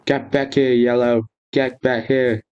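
Young man, gameplay commentary, excitable, repeats himself when yelling, mid-pitched voice, faint background hiss. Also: a little slow, dull audio. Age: young adult. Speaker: gaming YouTuber. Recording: faint background noise and clicks.

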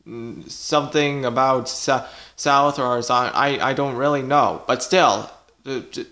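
A man's voice: medium pitch, pushed and bright. Robonyan F, a man doing a clicking robot cat. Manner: slow, halting speech with clicking "ch ch" noises. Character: boastful robot cat from the future. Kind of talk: plushie video voice acting.

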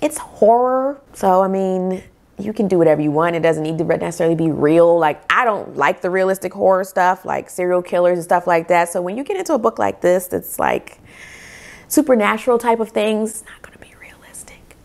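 A woman hosting a casual book vlog, reacting to reviews in an animated, opinionated way. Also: on the low side, fairly quick, creaky.

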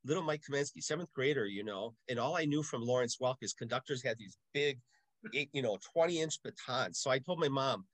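An older man, a parish music director from Milwaukee, telling stories in a casual interview with lively, acted-out asides. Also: medium pitch, brisk, dry recording. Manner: animated storyteller, acts out voices in anecdotes.

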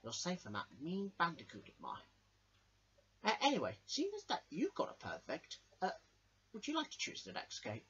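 A man's voice: on the high side, wildly swooping pitch, moderate pace, fairly bright tone, dull audio, a little hiss or hum. Man hosting a toy show. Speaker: show host and director.

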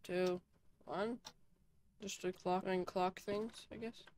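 A woman's voice: mid-range voice, steady tone, slow pace, a little mellow, slight background noise. Jumpy young woman narrating a horror game. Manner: jumpy and chatty, nervous giggly reactions. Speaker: gaming YouTuber. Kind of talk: solo horror game commentary.

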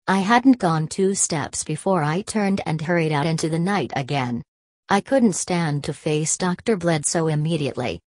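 A woman narrating an audiobook in an even, measured reading. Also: low-pitched, dry recording.

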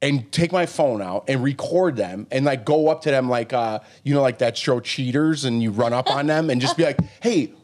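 A man's voice: medium pitch, moderate pace, few pauses. A man co-hosting a casual podcast chat, ranting and acting out imagined exchanges, saying "you know what I mean" a lot. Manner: animated, rants and acts out imagined exchanges. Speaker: podcast co-host.

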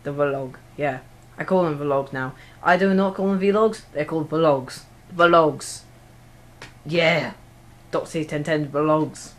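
A man's voice: fairly high pitch, measured pace. A teenage boy, rambling through a casual home vlog recorded on an iPod, giggly and self-mocking. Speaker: vlogger.

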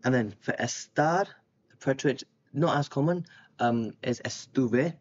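A young man teaching a casual language lesson, relaxed and thinking aloud with frequent ums as he writes. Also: mid-range voice, measured pace. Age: young adult. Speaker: Spanish tutor. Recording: slightly dull lo-fi sound.

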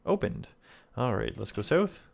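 A man's voice: mid-range voice, very animated, unhurried, gravelly. A man playing a text adventure, reading the game text aloud and making wry asides to himself. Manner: reads game text and comments wryly to himself. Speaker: let's player.

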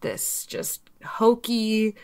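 A woman's voice: a little high, monotone, drawn-out words, a little mellow, smooth. A woman co-hosting a movie podcast, thinking aloud with lots of likes and you-knows. She searches for words as she goes. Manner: filler-heavy, searching for words. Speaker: podcast co-host. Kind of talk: casual movie podcast chat.

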